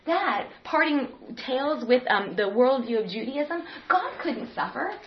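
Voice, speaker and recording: Impassioned woman preacher, from loud to whispered. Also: high voice, animated, unhurried. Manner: impassioned, shifting from loud emphasis to near whispers. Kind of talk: sermon. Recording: slightly dull sound with faint background noise.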